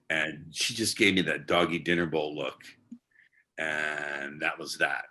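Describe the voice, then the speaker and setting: A man in his sixties speaks from a side room at home as a dating coach, blunt and often profane. His voice sits very low yet sounds forceful and bright. When he demonstrates, he drops into a slow, hypnotic cadence. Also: steady tone. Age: 60s. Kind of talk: casual instructional talk.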